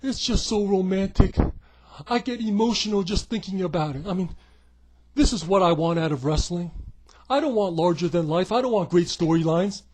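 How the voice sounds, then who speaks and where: A man ranting as a wrestling vlogger, sarcastic, profane and mocking, often breaking into shouts. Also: high voice, moderate pace. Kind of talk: comedic rant.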